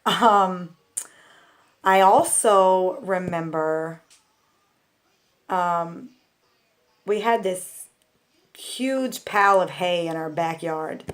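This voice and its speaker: A woman with a slightly low voice tells stories from her childhood in a loose, chatty vlog manner. She rambles and fills her sentences with "like" and "um". She talks candidly, straight to her viewers. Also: extremely slow, pauses often. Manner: rambling, full of "like" and "um" fillers. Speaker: vlogger. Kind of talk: casual storytelling.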